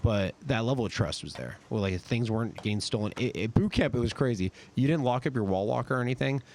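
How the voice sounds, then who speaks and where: A man's voice: medium pitch, lively intonation, fast, darkish tone. A young man in his twenties from California, a podcast guest and army sergeant telling casual, rambling stories full of "like.". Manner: rambling, filler-heavy with frequent "like". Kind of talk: casual storytelling.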